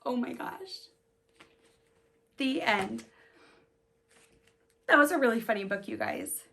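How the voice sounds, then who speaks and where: A woman reads a picture book aloud to children in a lively, sing-song voice that swoops up and down. Her voice sits a little high, and she takes her time, pausing to ask her young listeners questions. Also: gravelly. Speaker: storybook reader.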